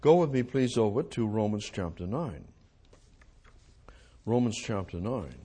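A man preaching an expository sermon, reading scripture aloud and moving between hushed, slow phrases and loud emphatic lines. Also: lowish voice, expressive, husky.

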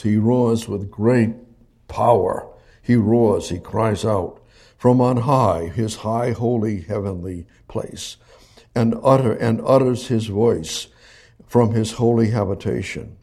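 A man preaching a sermon, reading Bible verses and explaining them slowly, repeating phrases and restarting words, rising for emphasis. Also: lowish voice, mellow, slightly rough.

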